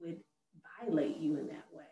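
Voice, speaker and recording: A woman hosting an interview, speaking slowly and affirming her guest with soft murmurs of agreement. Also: deep voice, creaky, dull audio. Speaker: host. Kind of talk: supportive interview chat. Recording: roomy echo, distant mic, faint noise.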